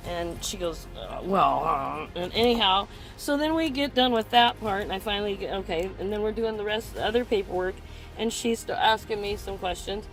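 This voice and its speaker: A woman caller ranting agitatedly about a bad appointment, talking fast when upset and complaining. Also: mid-range voice, soft background music. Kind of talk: rambling personal rant.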